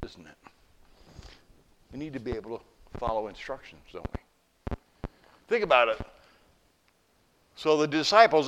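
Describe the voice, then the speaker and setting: A middle-aged male pastor delivers a folksy sermon, telling stories and posing rhetorical questions. His voice sits a little high and has a fairly bright tone.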